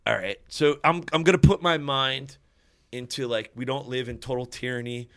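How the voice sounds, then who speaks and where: A man's voice: medium pitch, normal speed, a bit bright, smooth, dry recording, studio quality. A young man telling a long story in casual chat, cursing freely and restarting his sentences. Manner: profane, rambling storytelling with restarts. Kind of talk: casual chat among friends.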